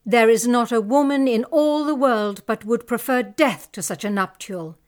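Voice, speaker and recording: A woman's voice: a little high, moderate pace, natural voice. A woman playing a distraught young noblewoman. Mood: pleading. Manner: emotional, pleading and indignant. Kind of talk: dramatic audiobook reading.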